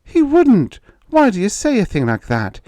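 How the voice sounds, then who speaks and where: A man's voice: sits high, wildly swooping pitch, moderate pace, mellow, no room sound, pitched above the performer's own voice. Man putting on a frantic pleading mother. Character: frightened mother, pleading wife.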